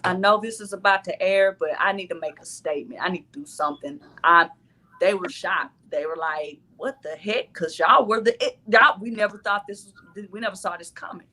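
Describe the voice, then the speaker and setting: A woman's voice: medium pitch, a little fast, sharp tone, slight background noise. A woman, a former dating show cast member, telling her story in casual chat and acting out her own quoted lines.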